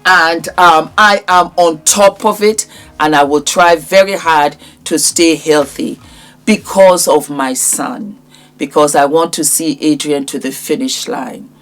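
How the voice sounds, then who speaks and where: Low-voiced woman in her fifties. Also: steady tone, measured pace. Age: 50s. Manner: warm, emotional, grateful. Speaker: vlogger. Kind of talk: casual vlog to camera.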